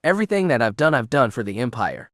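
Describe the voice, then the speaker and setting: A self-important, ambitious male magistrate complains of his lot in an aggrieved tone, as the narrator plays him. His voice sits at an ordinary middle pitch, recorded close and dry. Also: very animated, quick pace, fairly bright tone, dry recording.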